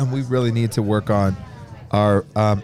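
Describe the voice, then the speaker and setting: A man's voice: on the low side, fairly even intonation, a little slow, darkish tone. A man co-hosting a casual backstage podcast with his bandmates, rambling with lots of fillers and restarts. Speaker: band member and podcast co-host.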